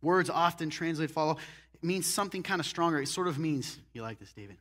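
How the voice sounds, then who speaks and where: A man preaching a sermon as pastor, animated, moving between loud emphatic lines and hushed, intense ones. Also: on the high side, brisk.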